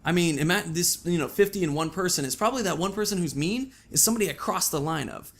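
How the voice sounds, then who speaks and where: A man talking casually to his channel in a chatty vlog, with the odd swear and animated asides. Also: high voice, fast talker. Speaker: YouTube vlogger.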